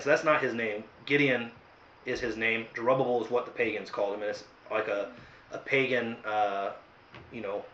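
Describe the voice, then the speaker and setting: A man's voice: mid-range voice, pushed and bright. Young man, earnest home Bible study host, roomy lo-fi room sound. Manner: earnest, thinking aloud with fillers. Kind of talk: casual Bible reading and reflection.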